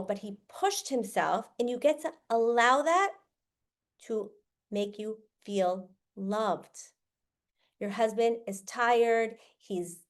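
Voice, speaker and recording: A woman hosting a podcast, talking earnestly in a casual advice style and acting out quoted lines as she explains. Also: a little high. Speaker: podcast host.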